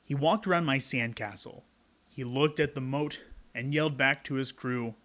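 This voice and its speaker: A man's voice: mid-range voice, normal speed, a bit bright. A young adult man reading a picture book aloud to children, adding chatty asides to his young listeners.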